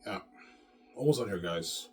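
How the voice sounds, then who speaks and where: A man's voice: fairly low pitch, animated, normal speed, soft background music. A man hosting his own channel, ranting to the camera in an agitated, profane, repetitive way. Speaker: channel host.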